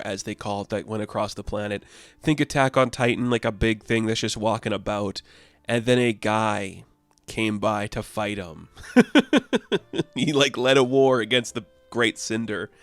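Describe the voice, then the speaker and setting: A man's voice: fairly low pitch, no echo. A man casually reviewing a new comic book, chatty and upbeat, laughing often and restarting small phrases.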